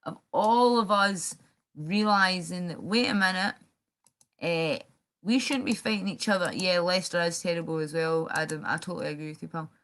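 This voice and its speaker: A woman's voice: lowish voice, moderate pace, fairly bright tone. A Scottish woman rambling and swearing on a live stream, chatting directly to her viewers. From Scotland.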